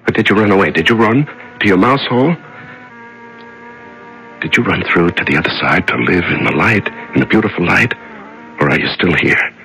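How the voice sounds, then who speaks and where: An actor playing a haggard prisoner just out of solitary confinement, stammering and pleading, in a 1970s radio drama. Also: male voice, lowish voice, vocal fry, pushed and bright, heavily acted, low-quality recording.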